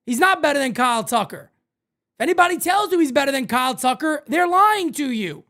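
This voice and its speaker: A man hosting a fan live stream, ranting about sports in a loud, excitable way. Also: extremely high pitch, a little fast.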